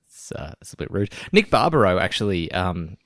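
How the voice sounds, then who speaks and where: Laughing often and restarting his sentences, a podcast co-host chats casually in a low-sitting, fairly bright voice with big pitch swings at normal speed. The recording is dry and of studio quality.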